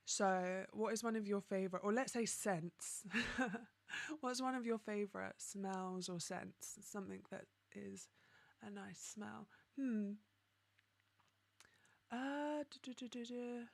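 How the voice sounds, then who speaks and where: A woman from London, hosting a casual livestream, reading viewer comments and chatting in an upbeat way, laughing often and filling pauses with ums. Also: mid-range voice, fairly even intonation, creaky, dry recording. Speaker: livestream host.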